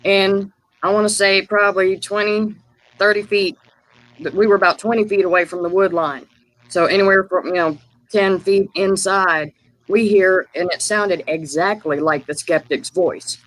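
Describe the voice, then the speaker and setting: Brief: man with a high voice, guest on a live call, loose and rambling. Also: steady tone, normal speed, fairly bright tone, dry recording, low-quality recording. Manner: rambling, many fillers and restarts. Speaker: guest sharing field experiences. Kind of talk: casual storytelling on a live call.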